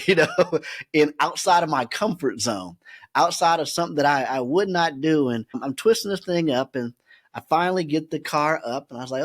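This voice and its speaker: Man, podcast guest, laughs a lot, animated storyteller, higher-pitched voice. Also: brisk. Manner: laughs often while telling stories.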